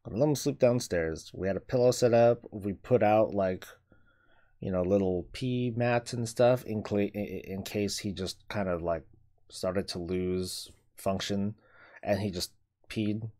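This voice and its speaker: A man's voice: on the low side, steady tone, measured pace, mellow. Rambling man on a casual live stream. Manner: rambling, repeats words, swears casually.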